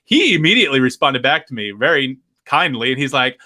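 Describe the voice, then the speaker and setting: A man's voice: medium pitch, big pitch swings, fairly quick, sharp tone. A man on a podcast telling a long complaint story, acting out both sides of a phone call. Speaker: podcast host. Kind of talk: casual podcast chat.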